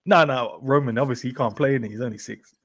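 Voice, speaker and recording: A man chatting easily on a podcast, telling anecdotes in a relaxed way. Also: mid-range voice, quick pace. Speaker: co-host. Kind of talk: casual podcast chat.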